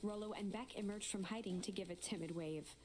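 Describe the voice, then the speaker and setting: A woman giving measured, scripted storybook narration for a game. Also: mid-range voice.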